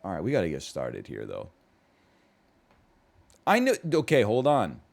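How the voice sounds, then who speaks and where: A man from Canada, chatting casually on a live stream, reacting to chat and rambling through asides with sudden excited jumps. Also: sits low, a little slow, gravelly.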